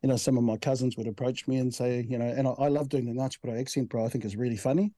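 Mellow New Zealand man in his sixties. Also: mid-range voice, fairly even intonation, rapid-fire, no echo. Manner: easygoing storyteller, frequent restarts, says "bro" and "right?". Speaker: head of a national language commission. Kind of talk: relaxed conversational interview.

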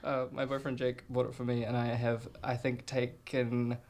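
A woman's voice: rumbling low, flat delivery, moderate pace, darkish tone. A woman guest on a radio show, chatting casually with stammering restarts and wry asides. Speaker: musician and artist guest. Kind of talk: casual on-air chat.

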